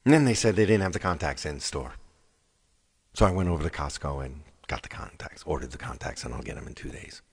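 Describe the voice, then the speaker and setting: A man's voice: extremely low pitch, animated, brisk, vocal fry, husky, in a large hall. Exasperated man rambling through a story. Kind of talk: casual storytelling monologue.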